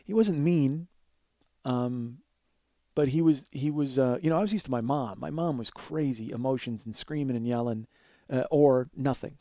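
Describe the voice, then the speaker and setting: A man in his forties hosts a comedy podcast, delivering a rambling, profane, self-deprecating story as a monologue. His mid-range voice is warm, at normal speed, with no room sound.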